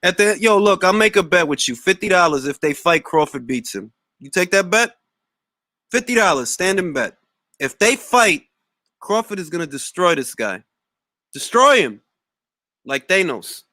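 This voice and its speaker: Animated high-voiced man, casual rant. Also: normal speed, no room sound, clean studio sound. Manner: animated, profane, jumps between topics. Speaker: boxing talk show host. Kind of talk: casual livestream chat.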